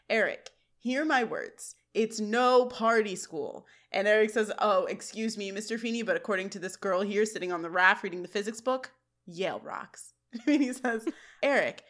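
A woman's voice: medium pitch, fairly bright tone. A woman co-hosting a podcast, retelling sitcom scenes in casual chat and laughing often. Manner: giggly, retells scenes with quick quoted lines. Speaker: podcast co-host.

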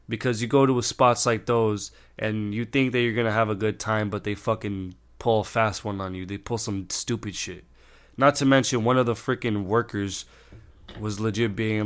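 In a storytime rant, a young man vlogging with a lowish, fairly bright, clean voice tells his tale in an exasperated, rambling way, restarting often and cursing without restraint.

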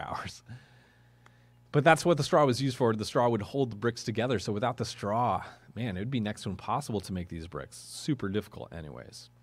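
A man's voice: on the low side, no echo. A man preaching a sermon in a conversational way, with chuckling asides and questions to the congregation. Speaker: pastor.

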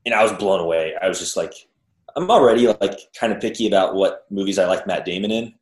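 A man co-hosting a podcast, telling stories in an animated, filler-filled casual way. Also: low-pitched, quick pace. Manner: animated storyteller, frequent fillers. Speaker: podcast co-host. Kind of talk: casual chat. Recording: roomy echo.

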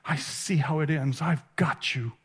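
A man voicing a gently reassuring Jesus in a sermon, speaking softly and consolingly. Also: on the high side, a little slow, breathy edge, exaggerated voice. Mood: tender. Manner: soft, hushed and consoling.

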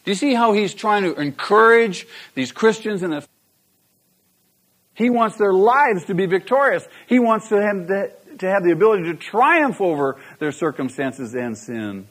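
A man's voice: high voice, expressive, normal speed, fairly bright tone. A man preaching a sermon, repeating his key phrases and asking the congregation rhetorical questions. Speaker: pastor.

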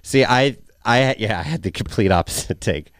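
A man's voice: lowish voice, expressive, moderate pace, dry recording, studio quality. A man co-hosting a casual movie review chat, easygoing and agreeable, laughing along. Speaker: podcast co-host.

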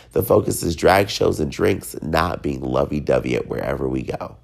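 A man's voice: very deep voice, expressive, moderate pace, vocal fry, few pauses. A man hosting his own podcast, talking in a loose, rambling solo rant while congested, sick and drunk. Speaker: podcast host.

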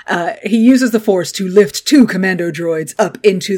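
Woman co-host, mid-pitched, sarcastic, swears casually; laid-back recap banter. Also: normal speed, a little mellow. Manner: sarcastic, swears freely, laughs often. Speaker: podcast co-host. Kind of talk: casual episode recap chat.

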